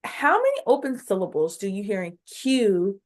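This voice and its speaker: Pitched in the mid range but swinging widely up and down, a woman leads a phonics lesson on video. She speaks directly to the learners, slow and instructive, voicing each syllable separately and urging them along.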